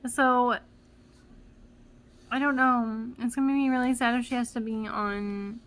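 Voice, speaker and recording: Young mom vlogger, high and bright, talks in emotional, rambling bursts on the verge of tears. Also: female voice, steady tone, unhurried. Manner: emotional, rambling with many fillers and restarts. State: close to tears. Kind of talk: casual vlog talk.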